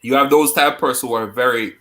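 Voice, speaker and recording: A man hosts a relaxed chat, explaining island slang and reading out comments. His voice is bright and forward, with a playful, easygoing manner. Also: medium pitch, fast talker. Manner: playful, laughs often, reads viewer comments aloud. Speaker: host. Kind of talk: casual chat teaching slang.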